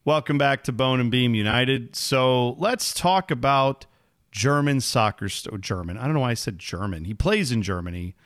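A man co-hosting a casual soccer podcast, his voice sitting at an ordinary middle pitch. He talks things through loosely and jumps up in pitch when he's exasperated. The sound is dry and close, with no room around it. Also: lively intonation, normal speed, few pauses, a bit bright, dry recording. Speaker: podcast co-host. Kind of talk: casual sports chat.

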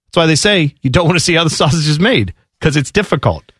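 A man co-hosting a radio show, chatting casually with animated asides and mock quotes. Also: a little high, quick pace, husky, dry recording, clean studio sound.

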